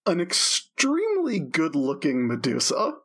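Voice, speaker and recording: A man running a tabletop game as game master, narrating with many pauses and fillers. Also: a little high, wildly swooping pitch, a bit bright, breathy edge. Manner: hesitant, filler-heavy narration.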